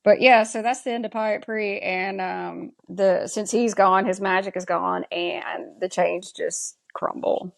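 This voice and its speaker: A woman's voice: mid-range voice, fairly even intonation, measured pace, vocal fry, hardly any pauses, dry recording. A woman with a Southern US accent co-hosting a podcast, agreeable and dry in casual episode talk. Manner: agreeable, short affirmations, dry remarks. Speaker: podcast co-host. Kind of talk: casual chat recapping a TV episode.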